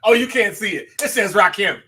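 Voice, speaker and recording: A man from the West Coast of the US co-hosting a podcast in casual chat, talking animatedly with quick self-aware asides. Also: sits high, expressive, sharp tone, slightly rough. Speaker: podcast co-host.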